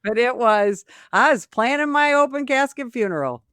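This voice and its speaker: A woman's voice: a little high, moderate pace, clean tone, no room sound, studio quality. A woman from Illinois, a retired police sergeant, telling a story in a casual interview and acting out the voices of the people in it. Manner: animated storyteller, acts out quoted voices.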